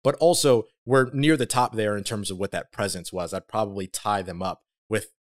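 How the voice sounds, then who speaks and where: A man hosting a solo sports talk podcast, speaking with energy and emphasis, with big swings in pitch and loudness and casual self-corrections. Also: moderate pace. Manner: conversational, with fillers and self-corrections.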